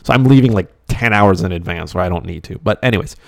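Low-voiced Canadian man rambling casually. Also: fast talker, gravelly, dry recording, studio quality. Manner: rambling, conversational storytelling with many fillers. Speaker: podcast host. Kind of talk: casual monologue.

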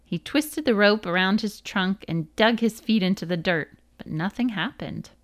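A woman narrating a folk tale as a storybook read-aloud, with a lively, expressive delivery. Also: mid-range voice, moderate pace.

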